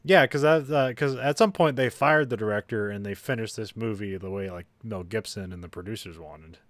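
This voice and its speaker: A man's voice: lowish voice, no room sound. Chatty man on a dry mic. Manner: chatty, laughing, halting. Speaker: podcast co-host. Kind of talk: casual movie chat.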